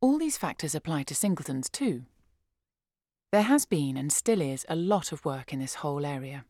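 Low-voiced woman reading an audiobook. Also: lively intonation, moderate pace, warm tone, dry recording, clean studio sound. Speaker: audiobook reader. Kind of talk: measured audiobook narration.

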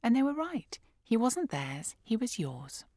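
A woman reading aloud, voicing a gentle daughter of thirty-two who speaks softly and reassuringly, a little higher than her narration. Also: sing-song, unhurried, no room sound, clean studio sound. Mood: tender. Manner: soft, tender, reassuring.

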